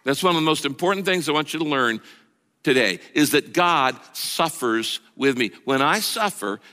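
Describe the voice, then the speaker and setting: A middle-aged male pastor preaching a sermon, emphatic, slowing down and dropping low on key lines. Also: expressive, sharp tone. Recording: long reverb of a large hall.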